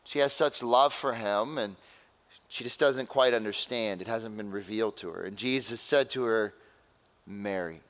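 A man of middle pitch preaching a sermon as a pastor, talking casually and then slowing into dramatic pauses. His voice carries a long reverb, as if he stands in a large church sanctuary. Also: fairly bright tone.

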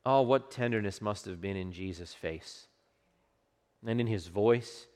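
A man preaching a sermon with passion, dropping to a hush for quoted words and rising for emphasis. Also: on the low side, unhurried, clear, resonant tone. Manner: impassioned preaching, hushed quotes, swelling emphasis. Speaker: pastor. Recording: long hall reverb.

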